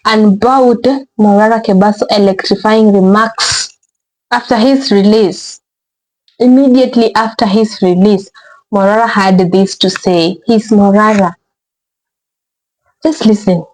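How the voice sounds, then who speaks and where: A woman's voice: mid-range voice, fairly even intonation, a little slow, a little mellow, rough recording. A woman hosting a reaction video, talking casually and rambling, with exasperated asides. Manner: rambling, exasperated, repeats words, says bruh.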